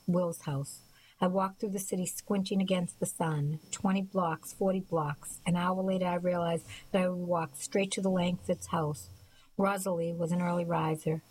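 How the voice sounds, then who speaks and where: A woman narrating a first-person audiobook in a soft, measured, reflective way. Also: lowish voice, breathy edge, poor audio.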